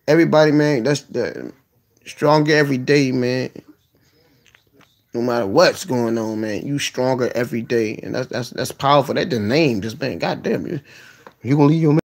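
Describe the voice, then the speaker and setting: A man hosting a casual livestream, talking to his viewers in a profane, excitable way that swings from low mumbling to sudden yelling. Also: normal speed, vocal fry. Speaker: livestream host.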